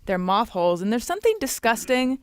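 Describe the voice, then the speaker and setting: A woman's voice: a little high, very animated, a little fast, clear, resonant tone, dry recording. A woman co-hosting a podcast in casual chat, tossing in dry, wry remarks. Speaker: podcast co-host.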